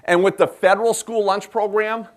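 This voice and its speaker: A man from South Dakota, USA, with an Upper Midwest American accent demonstrates a cooking recipe for a live audience as a chef. He's chatty and folksy, full of joking, self-deprecating humor. His voice sits high, with a steady tone at a normal speed.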